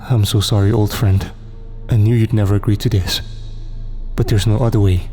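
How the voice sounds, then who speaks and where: Man voicing a deadpan woman detective. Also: lowish voice, moderate pace, soft background music, lightly acted. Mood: solemn. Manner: monotone, grim and matter-of-fact. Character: solemn, flat-voiced woman detective partner.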